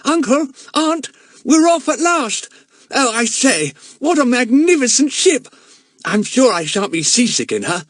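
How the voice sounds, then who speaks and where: Man doing a high, breathless storybook teen, gushing and excited. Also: unhurried, dry recording, exaggerated voice. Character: excitable gangling foreign boy, young teen.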